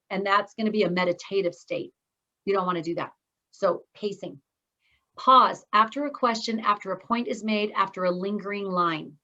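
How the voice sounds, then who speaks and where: A woman speaking coach teaching an online course, talking fast and breaking it up with pauses and stressed words. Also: mid-range voice, pushed and bright, muffled recording. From Scotland. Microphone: video call.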